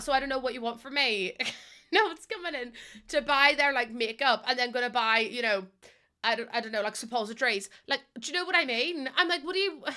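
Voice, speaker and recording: A young woman chatting casually with her stream's viewers, animated and swearing freely, laughing often. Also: high voice. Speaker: live streamer. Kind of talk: casual chat with live chat viewers.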